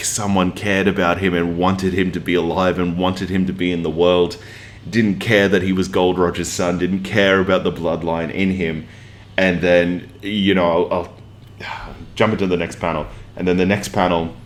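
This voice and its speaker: Deep-voiced man rambling through a review. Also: a little hiss or hum. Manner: earnest, rambling with many fillers; emotionally invested. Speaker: manga reviewer. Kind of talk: casual chat.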